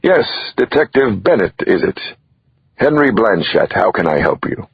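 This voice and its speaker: A man voicing a short, amiable older man with a mild, soft-spoken manner, in an audiobook. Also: lowish voice, sing-song, moderate pace, gravelly, breathy edge, no room sound, dull audio, pitched above the performer's own voice, full character voice. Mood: friendly.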